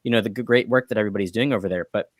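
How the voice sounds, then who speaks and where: A man with a lowish voice chats loosely on a podcast panel. He hedges and circles back with many fillers. His voice sits close and dry on the mic. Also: rapid-fire, no echo. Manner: rambling, hedging with many fillers. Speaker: podcast co-host. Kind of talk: casual chat about anime.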